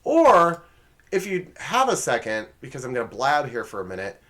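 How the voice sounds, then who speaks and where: A man hosting a homemade comedy show, rambling through his sign-off with goofy, self-deprecating asides. His pitch jumps around a lot, and now and then he drops to a whisper for a side comment. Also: wildly swooping pitch, normal speed, pushed and bright. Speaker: host.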